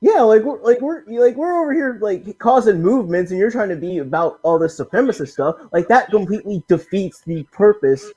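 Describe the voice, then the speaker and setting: A man co-hosting a casual live-stream chat, laid-back and leaning on fillers as he talks. His fairly high voice swings up and down a lot. He comes through dull, lo-fi call audio. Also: expressive, a little fast, few pauses, a little mellow, slightly rough.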